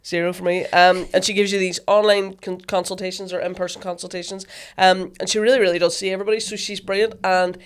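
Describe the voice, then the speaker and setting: A woman's voice: medium pitch, flat delivery, quick pace, hardly any pauses, clear, resonant tone. A woman with a Northern Irish accent co-hosting a podcast, telling stories in a chatty, laughing way with plenty of fillers and a cough from a chest infection. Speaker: podcast co-host. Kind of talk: casual chat.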